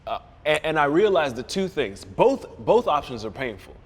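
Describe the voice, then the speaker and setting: Animated storyteller man with long reverb. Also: a little high. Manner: animated storyteller who acts out quoted voices; halting restarts, repeats words. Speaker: guest, series creator. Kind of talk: casual chat, telling a story.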